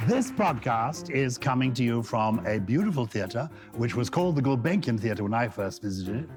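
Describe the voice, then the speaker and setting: A man's voice: mid-range voice, expressive, moderate pace, over music. A man co-hosting a live podcast on a theatre stage, playful and theatrical, talking to the audience. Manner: playful, theatrical, addresses the crowd. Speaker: podcast co-host.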